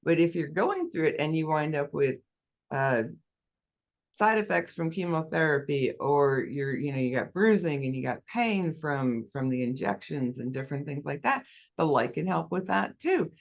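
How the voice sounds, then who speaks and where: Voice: mid-range voice, expressive, normal speed, creaky. A guest in a casual interview, earnestly explaining a product step by step. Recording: dull lo-fi audio.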